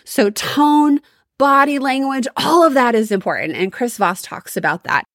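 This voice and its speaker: A woman's voice: sits high, normal speed, fairly bright tone, no echo, clean studio sound. A woman hosting a solo podcast, giving upbeat, emphatic coaching advice on sales calls. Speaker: podcast host.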